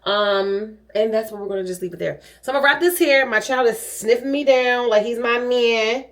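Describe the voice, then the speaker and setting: A woman's voice: fairly high pitch, moderate pace. A middle-aged woman vlogging in a casual, chatty and dramatic way. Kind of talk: casual chat.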